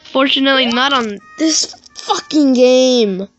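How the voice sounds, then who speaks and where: A gaming YouTuber giving raging gameplay commentary, swearing and yelling in frustration and muttering to himself between outbursts. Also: high voice, a little slow, lo-fi sound, faint music behind.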